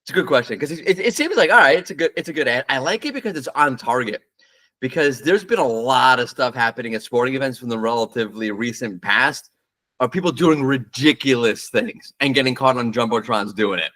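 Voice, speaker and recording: A man's voice: mid-range voice, expressive, brisk, pushed and bright. A man talking casually and bluntly, giving his opinions on brand ads as the host of a marketing show. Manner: blunt, opinionated, talks off the cuff with fillers. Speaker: marketing commentator. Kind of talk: casual solo commentary.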